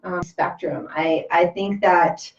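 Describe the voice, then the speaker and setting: A woman's voice: lowish voice, steady tone, slow pace. A woman co-hosting a spiritual talk, speaking in a soothing, reassuring way with frequent restarts. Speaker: spiritual podcast co-host. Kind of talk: casual spiritual chat. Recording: roomy, distant, dull sound.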